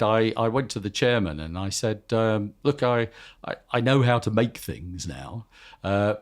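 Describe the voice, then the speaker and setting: A middle-aged man, a company chief executive telling anecdotes as a podcast guest, a self-confessed talker. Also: low-pitched. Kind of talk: casual storytelling interview.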